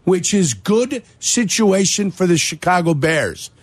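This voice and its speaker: Radio sports guy teasing his cohost, kinda high voice, bouncy delivery, dry studio sound. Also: expressive, a little slow, breathy edge, no echo. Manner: teasing, ribbing his partner with mock outrage. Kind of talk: sports talk radio banter.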